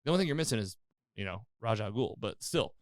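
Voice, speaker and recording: Animated man recapping a show on a podcast. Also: fairly low pitch, fast talker, no echo, clean studio sound. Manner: animated retelling, acting out quoted lines. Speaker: podcast host. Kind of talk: casual recap chat.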